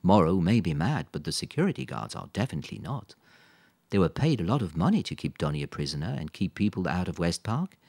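A man reading aloud, voicing a calm father who explains things steadily. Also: low voice, fast, creaky, no echo, studio quality, exaggerated voice. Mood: explaining. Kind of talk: audiobook character voice.

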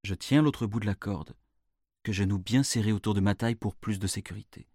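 A man narrating a storybook in a clear, measured storytelling manner. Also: fairly low pitch, a little mellow, no echo, studio quality.

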